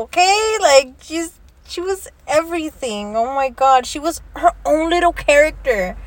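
Young woman, high voice, dry close sound, casual chat, laughing, swearing, Spanish words mixed in. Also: dry recording. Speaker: vlogger.

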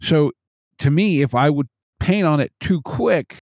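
A man's voice: on the high side, animated, unhurried, dry recording. A man in casual conversation who asks rambling questions, filled with "like". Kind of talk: casual chat. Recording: dull, muffled sound.

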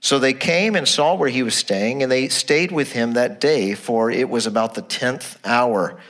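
In a church, a pastor preaches to his congregation with animation, posing rhetorical questions and repeating his phrases. He speaks a little slowly and drops to a low, quiet voice when he wants to stress a point.

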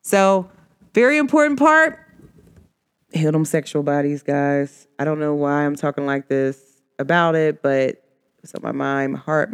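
A woman's voice: sits low, creaky, clear, resonant tone. A woman hosting her own podcast, talking casually and a bit like a preacher to her listeners, with speech patterns. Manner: preachy, informal, addresses listeners as y'all. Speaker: podcast host. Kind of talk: casual motivational podcast talk.

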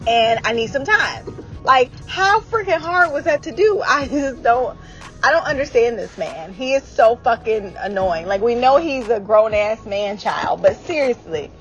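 A woman giving a casual recap of a show she watched, exasperated and animated, swearing freely and laughing often. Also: a little high. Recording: slightly dull sound with faint music.

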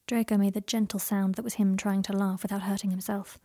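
A woman reading a story aloud in a soft-spoken way that often drops into whispers. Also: medium pitch, level tone, a little fast, dry recording, studio quality. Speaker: reader. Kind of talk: reading fan fiction aloud.

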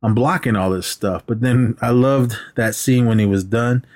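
Animated man retelling movie scenes. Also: mid-range voice, moderate pace. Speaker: podcast co-host. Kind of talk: casual movie chat.

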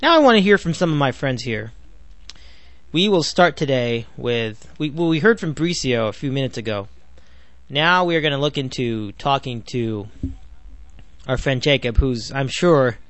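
A man hosting a casual sports chat, excitable and laughing, a little worn out. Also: medium pitch, moderate pace, no room sound. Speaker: podcast host.

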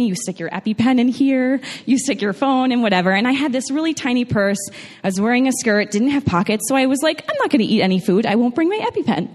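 A young woman from New York telling a funny personal story to a live audience, chatty, with frequent laughs and restarts. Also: high voice. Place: large room with an audience. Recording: long hall reverb.

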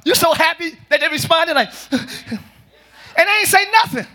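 A man preaching a lively sermon as pastor to a congregation, joking and calling out to them. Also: very high-pitched, moderate pace. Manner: shouting, joking, calls to the congregation. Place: large church with congregation.

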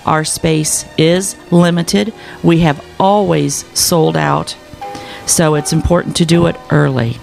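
A man's voice: on the high side, fairly even intonation, takes it slowly, gravelly, soft background music. A man hosting a podcast, upbeat as he announces weekend event plans in casual chat. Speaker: podcast host.

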